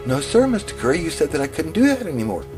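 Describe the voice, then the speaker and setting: A man's voice: on the high side, sing-song, fast, pitched above the performer's own voice. A man voicing a scared young boy who answers meekly and pleads. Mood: timid, pleading. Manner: meek, pleading. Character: scared, timid young boy at a reform school. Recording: music playing under the voice.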